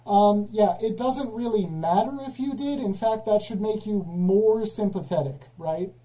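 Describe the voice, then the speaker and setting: A man's voice: high voice, measured pace, mellow, low-quality recording. A man hosting a live call-in stream, questioning callers in a dry, sarcastic way. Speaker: livestream host. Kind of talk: casual live call-in chat.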